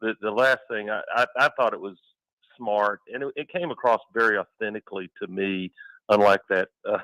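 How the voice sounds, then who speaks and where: Low-voiced man analyzing football. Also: fairly even intonation, moderate pace, a bit bright, dry recording, rough recording. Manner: analytical, builds vivid game scenarios. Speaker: sports radio co-host. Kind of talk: casual sports talk.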